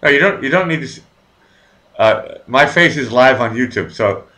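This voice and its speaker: A man's voice: medium pitch, animated, moderate pace, pushed and bright. A man hosting a casual live chat show, rambling and stammering through crude jokes.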